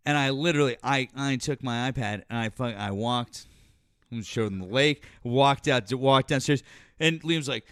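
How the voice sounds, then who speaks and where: A man hosts a loose, casual talk show and tells long stories full of restarts and fillers. His voice sits at an average pitch, and the sound is dry and close. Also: moderate pace, a bit bright, smooth, dry recording. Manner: rambling storyteller, many restarts and fillers. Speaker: podcast host. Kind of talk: casual chat.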